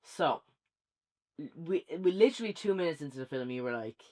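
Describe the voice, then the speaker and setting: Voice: medium pitch, expressive, moderate pace, a little mellow. An Irish speaker co-hosting a casual film review, chatty and rambling with many fillers.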